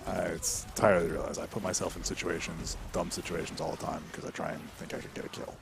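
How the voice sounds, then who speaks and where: A young man with a low, gravelly voice, talking loosely over a game stream. He curses often and grumbles about how the match is going, in an easy, unpolished way. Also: level tone, fast, noisy background. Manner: swears freely, rants about the game. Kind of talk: casual gaming chat.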